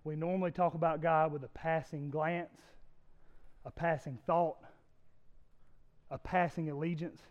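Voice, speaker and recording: A man preaching a sermon as pastor, emphatic, often climbing loud and high and repeating words for effect. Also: fairly even intonation, unhurried, long pauses, dull audio.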